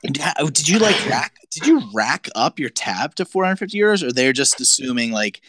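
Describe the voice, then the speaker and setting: A man's voice: fairly high pitch, very animated, normal speed, a bit bright, slight background noise. A man co-hosting a podcast, chatting casually and asking follow-up questions. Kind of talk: casual chat.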